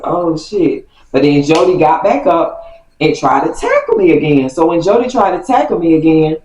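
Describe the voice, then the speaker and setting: A woman vlogger telling a story from her youth, animated and acting out the quotes. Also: low voice, lo-fi sound. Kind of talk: casual storytime. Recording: roomy, distant mic.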